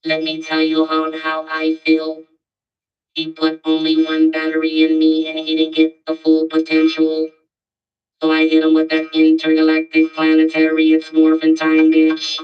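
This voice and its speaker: A man's voice: on the high side, completely flat delivery, normal speed. A man voicing a bitter, neglected male toy robot through a robot voice filter, sulky and brash. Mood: aggrieved. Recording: distant echoey dull sound with synth music.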